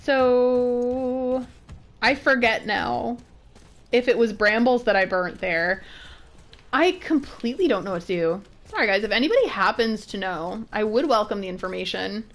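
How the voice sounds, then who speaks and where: A young woman streaming from the northern United States offers casual commentary as she plays a video game. She speaks a little slowly in a slightly high voice, laughing and thinking aloud when something puzzles her.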